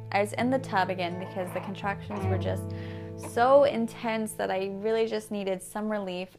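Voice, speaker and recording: A young woman recounts a personal story straight to camera in an emotional, reflective way, pausing and circling back as she searches for words. Her mid-pitched voice carries a gravelly fry, and guitar music plays clearly underneath. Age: young adult. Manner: emotional, reflective, halting with restarts. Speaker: family vlogger. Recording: soft guitar music behind.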